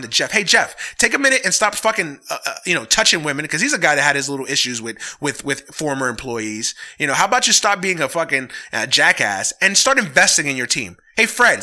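A man's voice: on the high side, sharp tone. A man hosting a casual sports podcast, ranting with heavy swearing and then signing off with sincere thanks. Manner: profane, heated ranting. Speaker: podcast host.

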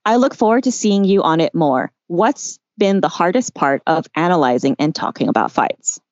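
Woman host on a video call, relaxed and chatty with fillers, lowish voice, muffled dry audio. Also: moderate pace, no echo. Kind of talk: casual online chat.

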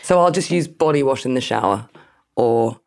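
A woman's voice: extremely low pitch, animated, moderate pace, gravelly, darkish tone. Woman chatting in an interview, jokey and self-deprecating, laughs a lot. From Britain. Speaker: interview guest. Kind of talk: casual interview chat.

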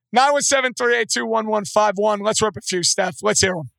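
Hoarse New male sports radio host, high and gravelly, blunt takes, dry studio sound. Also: fairly quick, fairly bright tone, no room sound. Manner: blunt, opinionated.

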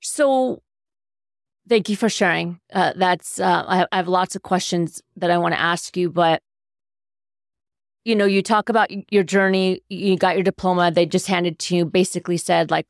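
A woman hosting a podcast, asking long, halting questions that often restart. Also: on the low side, no room sound, clean studio sound. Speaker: podcast host. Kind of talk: interview questions.

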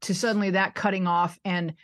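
A woman's voice: lowish voice, level tone, a little fast, a little hiss or hum. A woman in her sixties from upstate New York, chatting as a podcast guest, self-deprecating and laughing often. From United States (suburban Buffalo, New York). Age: 60s. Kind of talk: casual interview chat.

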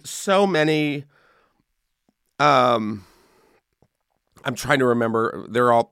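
A man hosting a casual podcast, delivering a sarcastic, catty rant that swings widely in pitch and leans drawn-out and emphatic. His voice is smooth and clear. The sound is dry and close to the mic. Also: fairly bright tone, dry recording. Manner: sarcastic, catty celebrity fashion ranting with swearing. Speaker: podcast host. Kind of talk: casual chat.

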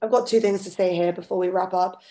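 A woman co-host on a casual podcast, speaking at a middle pitch. She is chatty and expressive, sharing her own experiences openly and with feeling. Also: fast talker. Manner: chatty, expressive, personal storytelling.

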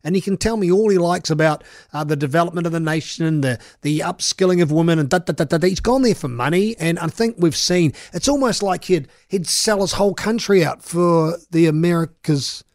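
A man's voice: on the high side, brisk, hardly any pauses, a little mellow, no echo, studio quality. A man, a sports radio host chatting casually and giving opinions with many restarts.

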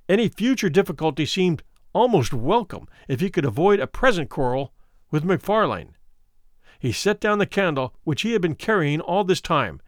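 A man narrating a classic story as an audiobook, in an expressive, dramatic way. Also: a little high, dry recording, clean studio sound.

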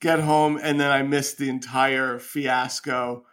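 A man, a comedian guest, telling rambling, animated anecdotes in casual chat. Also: mid-range voice, slow.

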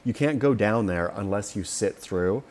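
A man co-hosting a podcast in casual chat, opinionated and animated, acting out quotes as he tells stories. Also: lowish voice, normal speed. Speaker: podcast co-host.

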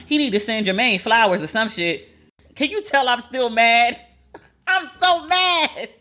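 Woman, podcast host, casual gossip talk, sassy, emphatic, swears freely, mid pitch. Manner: animated, profane, sassy and emphatic. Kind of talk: casual celebrity gossip commentary.

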